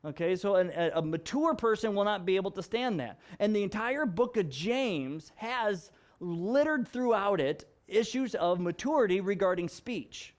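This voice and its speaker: A male pastor giving a casual Bible teaching, conversational and animated, often restarting and repeating words for emphasis. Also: high-pitched, normal speed, few pauses. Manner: animated and conversational, acts out examples; frequent restarts and emphatic repetition.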